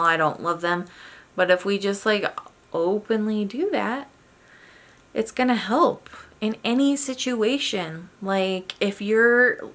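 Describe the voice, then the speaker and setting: A woman's voice: medium pitch, creaky, fairly bright tone. A woman giving an informal parenting talk in a chatty way, often checking in with "right?". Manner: chatty, acts out quoted voices, frequent "right?" and "like". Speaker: parenting workshop presenter.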